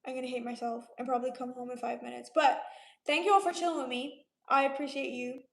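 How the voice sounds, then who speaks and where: Chatty high-voiced Romanian-born woman streamer. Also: fairly even intonation, fast, gravelly, echoey room. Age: 20s. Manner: laid-back, chatty, reads comments aloud and answers them. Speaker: livestream host. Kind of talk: casual livestream chat reading viewer comments.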